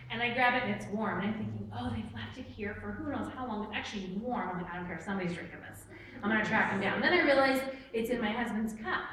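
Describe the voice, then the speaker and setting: A woman doing stand-up storytelling in a church hall, animated and self-mocking as she acts out the people in her story. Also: a little high, fast. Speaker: stand-up comic. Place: church hall with a live audience. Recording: echoey room from far off with noise.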